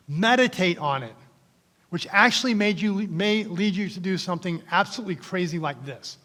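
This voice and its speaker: A man preaching a sermon as pastor in a church, conversational, sometimes dropping to a soft whisper. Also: high-pitched, animated, moderate pace. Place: church sanctuary. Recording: long church reverb.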